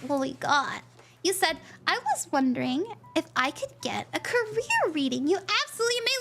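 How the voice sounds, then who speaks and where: A woman hosting a live stream, chatting in a bubbly way and thanking viewers by name as a tarot reader. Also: sits high. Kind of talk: casual live-stream chat.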